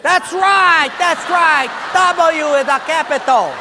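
A man voicing a bossy Portuguese hiring manager who talks loudly in Hawaiian Pidgin. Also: extremely high pitch, animated, slow pace, gravelly, a crowd in the background, noisy background, full character voice. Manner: loud, bossy, declaring answers. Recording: long hall reverb.

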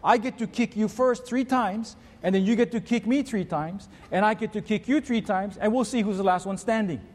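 A man's voice: sits high, a little fast, a little mellow. A man putting on a testy, territorial neighbor. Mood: smug. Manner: indignant, protective of his yard. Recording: reverberant hall.

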